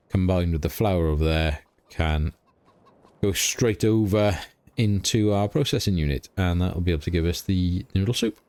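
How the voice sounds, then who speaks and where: A middle-aged man, hosting a relaxed farming game let's play, chatting easily and thinking aloud as he plays. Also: low-pitched. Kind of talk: casual game commentary.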